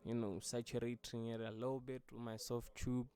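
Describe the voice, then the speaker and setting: A man's voice: medium pitch, flat delivery, moderate pace, dark tone, smooth. A man, a music producer, talking through his vocal mix in a loose, casual tutorial way with many fillers. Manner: laid-back, loose, with frequent fillers.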